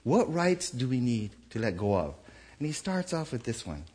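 A man delivers a sermon with a slightly husky voice. His pitch swings widely as he preaches, and he talks in a relaxed, conversational way, dropping into little acted voices when he quotes people. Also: moderate pace. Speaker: pastor.

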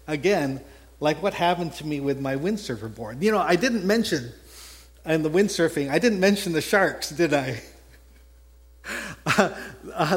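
A Texan pastor preaches in an easy, conversational way, stopping to fix his own slips and chuckling at his stories. His male voice sits a little high for a man. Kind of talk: sermon with personal story.

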